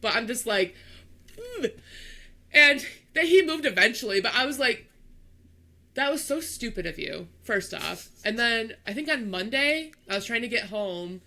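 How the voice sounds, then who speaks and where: A young woman co-hosting a podcast, telling a story in casual chat, animated and acting out the people in it. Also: fairly high pitch, normal speed, gravelly. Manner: animated storyteller, acts out voices, laughs. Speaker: podcast co-host.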